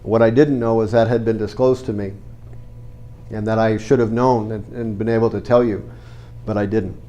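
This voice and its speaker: A man's voice: fairly low pitch, fairly even intonation, normal speed, dark tone. A middle-aged man with a cold, telling a story to a live audience in an earnest, conversational way. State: has a cold. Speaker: real estate investor giving a talk.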